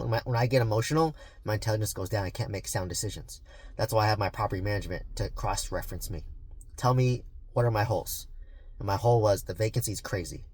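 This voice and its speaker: A man's voice: lowish voice, a little mellow, slightly rough. A man vlogging about real estate investing, talking earnestly and rambling with many fillers and restarts. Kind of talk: casual vlog talk to camera.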